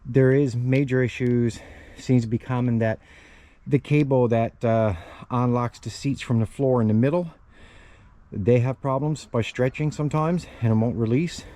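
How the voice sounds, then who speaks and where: The speaker, a channel host, has a warm, mid-range voice with fairly even intonation and a normal pace. He's outside by a parked van filming a casual how-to, working one-handed with the camera held in the other, slightly winded, chatting away and calling his viewers "guys."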